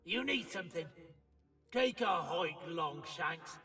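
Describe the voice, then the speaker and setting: This is a gravelly dwarf ghost, bitter and dismissive. The game voice is bright and edged, sounding distant in a reverberant space. Soft music hums underneath. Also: male voice, fairly high pitch, animated, slow pace, full character voice. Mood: gruff. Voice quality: gravelly, growling. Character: gruff male dwarf ghost, hostile and rude. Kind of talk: video game voice acting. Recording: reverberant game audio, heard from afar, with music.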